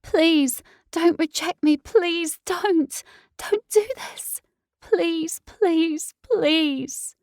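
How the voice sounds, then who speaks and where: A woman's voice: high voice, measured pace, mellow, dry recording, studio quality, pitched above the performer's own voice. A woman voicing a desperate young werewolf girl, pleading and tearful, in an audiobook. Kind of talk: audiobook character voice.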